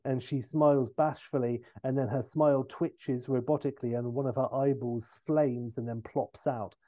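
A man hosting a podcast, telling a comic film pitch in a rambling way with fillers and self-corrections. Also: fairly even intonation, moderate pace, warm tone.

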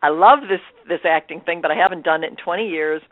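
A woman's voice: on the low side, fast, no room sound. A woman actor telling her personal story as an interview guest, acting out her own thoughts and laughing often. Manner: expressive, laughs often, acts out quoted thoughts. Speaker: guest, stage and screen actor. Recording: tinny dry phone line.

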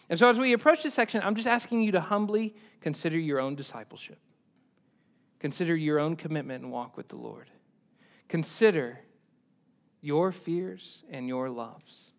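A male pastor with a notably high voice delivers a sermon. He swings from loud, emphatic peaks down to hushed, low asides. He repeats his key lines to drive them home. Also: animated, normal speed.

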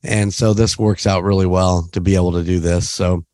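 A man's voice: low-pitched, steady tone, moderate pace, hardly any pauses, darkish tone, no room sound. A man hosting a podcast from home, chatting casually and rambling with frequent laughs. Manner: rambling, laughs often, restarts. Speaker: podcast host. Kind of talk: casual chat. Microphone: remote call setup.

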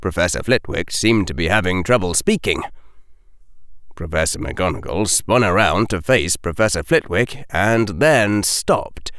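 A man narrating an audiobook in an expressive, dramatic manner. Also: sits low, unhurried, clear, resonant tone, no echo, clean studio sound.

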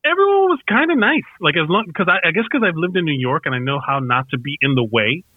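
A man's voice: fairly high pitch, sing-song, fast, no echo. A man chatting casually and rambling a little, swearing freely as he talks. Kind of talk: casual chat. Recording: tinny phone-like sound.

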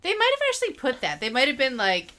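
A woman's voice: high-pitched, wildly swooping pitch, fast talker, pushed and bright. A woman co-hosting a casual podcast, bantering wryly with her friend about a TV episode. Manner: wry, joking banter. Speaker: podcast co-host. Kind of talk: casual chat.

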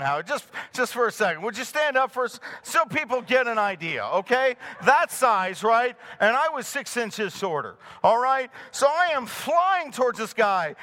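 A middle-aged male pastor preaching to a live congregation, telling a personal story with animated delivery and frequent chuckles. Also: high voice.

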